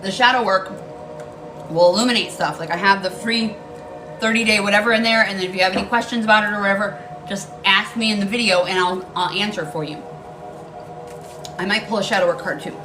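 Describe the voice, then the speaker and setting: A woman's voice: mid-range voice, a little fast, music in the background, poor audio. A woman giving a casual tarot reading, blunt and emphatic, swearing freely and repeating key lines for emphasis. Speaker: tarot card reader.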